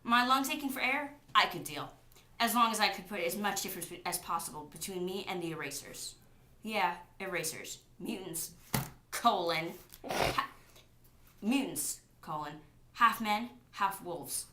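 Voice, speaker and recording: A woman's voice: mid-range voice, unhurried. A woman reading a novel aloud and breaking off with sarcastic, exasperated comments as a book reviewer. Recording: echoey room, faint background noise.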